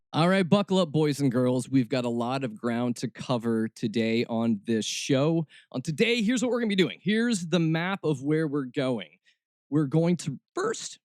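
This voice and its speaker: Animated sarcastic man hosting a podcast. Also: on the high side, no echo, clean studio sound. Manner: sarcastic and animated, jumping into mock voices. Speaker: podcast host. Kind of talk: snarky comedic podcast rant.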